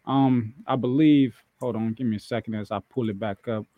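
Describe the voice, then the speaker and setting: A man with a medium-pitched voice and fairly even intonation co-hosts a casual wrestling podcast at a moderate pace. He brags and trash-talks with plenty of swearing and laughter, and the audio is narrow and tinny with background noise.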